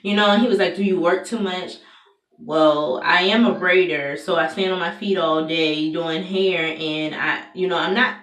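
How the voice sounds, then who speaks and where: A woman's voice: fairly low pitch, steady tone, normal speed, few pauses, fairly bright tone, distant mic. A young adult woman telling a personal story in a candid, conversational vlog, with plenty of fillers and restarts. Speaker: vlogger. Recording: echoey room, voice from away from the mic.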